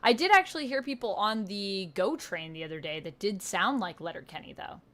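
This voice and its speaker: A chatty Canadian woman on a gaming livestream, her voice bright and clear at a middling pitch. She rambles through stories in a loose, casual way. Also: lively intonation, a little fast. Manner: chatty, rambling storyteller with frequent laughs. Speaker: player. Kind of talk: tabletop game livestream chat.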